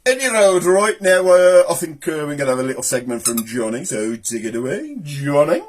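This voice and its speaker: A man's voice: on the high side, very animated, brisk. A middle-aged man with a Black Country accent hosting a casual vlog, joking and rambling as he explains local slang. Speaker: host.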